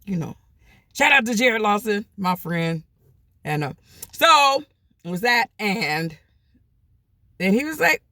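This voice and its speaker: A woman from the US telling a personal travel story in a chatty, animated vlog, acting out what people said. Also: medium pitch, a little slow, pauses often, no echo. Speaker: vlogger. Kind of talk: casual storytime.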